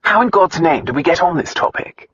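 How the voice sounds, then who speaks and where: A man reading an audiobook, voicing an arrogant nobleman husband who is gruff, blunt and dryly teasing. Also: a little high, expressive, a little fast, a bit bright, no echo, muffled recording. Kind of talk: audiobook dialogue.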